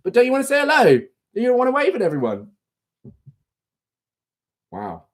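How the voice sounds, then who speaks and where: A man's voice: very high voice, wildly swooping pitch, normal speed. A young man hosting a casual quiz livestream on his phone, chatty and teasing as he reads out questions and multiple-choice options. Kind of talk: casual live-stream chat.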